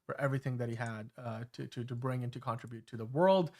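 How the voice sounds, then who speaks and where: A man's voice: medium pitch, fast, a little mellow. A man in his thirties hosting a casual podcast chat, talking in a rambling way with many fillers and restarts. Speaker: show host.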